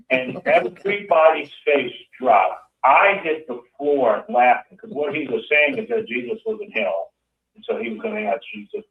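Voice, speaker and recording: A man's voice: fairly high pitch, sing-song, moderate pace. A man calling in and telling a funny story in a chuckling way over a phone line. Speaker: caller. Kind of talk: casual anecdote.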